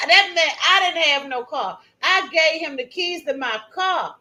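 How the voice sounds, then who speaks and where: A woman's voice: sits high, lively intonation, measured pace, few pauses, bright, forceful tone, low-quality recording. A woman in her fifties from Maryland, hosting her own channel and telling a personal story to viewers in a chatty, emphatic way, calling them y'all and honey. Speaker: channel host.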